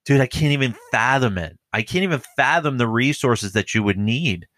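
This cop's mid-range voice is fairly bright and lively in intonation, at a normal speed, in a dry recording. He chats casually on a podcast, rambling, cursing, and dropping "like" and "dude" all the time.

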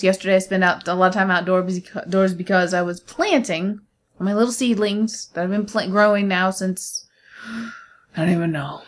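A woman co-hosting a casual podcast, talking in an everyday mid-range voice. She is chatty and animated, and laughs easily as she goes. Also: mid-range voice. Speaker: podcast co-host. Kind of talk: casual chat.

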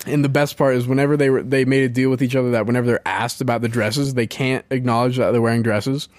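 A man's voice: mid-range voice, fairly even intonation, fast talker, dry recording. Young man with a slight lisp. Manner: rambling, laughing, swearing, trips over words. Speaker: podcast co-host. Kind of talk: casual chat.

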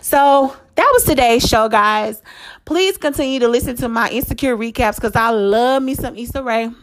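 Solo podcast host, woman, slightly high pitch; emphatic pep-talk delivery, cusses freely, keeps checking in with listeners. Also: moderate pace. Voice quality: slangy, rhetorical questions to listeners. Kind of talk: casual solo podcast monologue.

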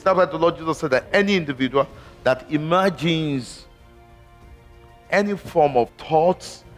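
A man preaching a sermon slowly and emphatically, with repeated interjections of praise. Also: on the high side. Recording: long hall reverb with faint music.

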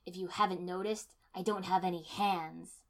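A woman voicing a wounded young male ninja, his voice low and tight with pain, desperate. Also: steady tone, normal speed, natural voice. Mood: near-hysterical.

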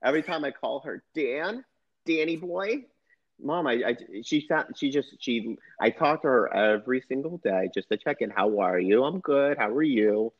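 A man's voice: medium pitch, normal speed, hardly any pauses, dull audio. A man in his thirties co-hosting a podcast in casual chat, rambling and repeating himself. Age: 30s. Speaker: podcast co-host.

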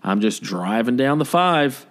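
A man's voice: mid-range voice, animated, unhurried, fairly bright tone. A man co-hosting a podcast in casual chat, telling stories in a laid-back, rambling way with joking asides. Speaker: podcast co-host.

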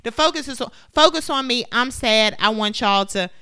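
Emphatic woman with smooth voice. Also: fairly high pitch, moderate pace, dry recording, studio quality. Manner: animated, emphatic, opinionated. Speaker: podcast co-host. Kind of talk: casual chat.

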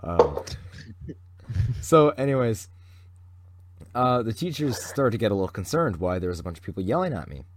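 A man's voice: on the low side, sing-song, moderate pace, long pauses, a little hiss or hum. Teenage boy, from Canada, podcast co-host, rambling storytelling, filler-heavy, casual chat. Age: teens.

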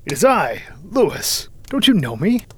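Brash young cavalry officer, hearty and teasing, raised pitch, read by a male narrator. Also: very animated, measured pace, fairly bright tone, breathy edge, full character voice. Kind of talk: audiobook character reading.

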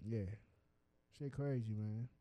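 A man's voice: medium pitch, fairly even intonation, slow pace, warm tone, no room sound. A man co-hosting a casual podcast, laid-back, laughing often and joking around. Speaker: podcast co-host. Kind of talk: casual chat.

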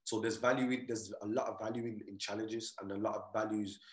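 Echoey man, animated storyteller. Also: on the low side, fairly quick. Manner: animated storyteller, keeps asking "you get me". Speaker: guest, mindset coach. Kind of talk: casual podcast chat.

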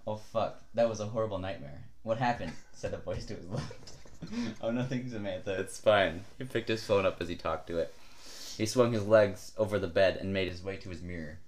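A man's voice: low voice, moderate pace, a little hiss or hum. A man reading silly fan fiction aloud on a comedy podcast, laughing often as he reads. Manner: keeps breaking into laughter mid-read. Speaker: podcast co-host.

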